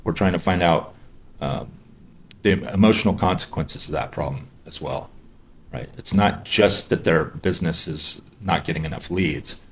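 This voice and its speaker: Male sales trainer, low register, casual lecture delivery with restarts. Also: moderate pace, slight background noise. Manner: conversational, many fillers and restarts; acts out sample questions in a lighter voice. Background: dogs barking.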